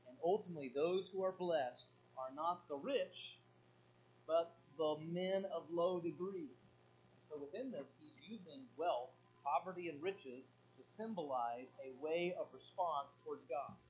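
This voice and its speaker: A middle-aged man preaching a sermon to a congregation, speaking animatedly and moving from emphatic, loud points to quiet, low asides. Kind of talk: sermon with audience interaction. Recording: muffled lo-fi with faint hum.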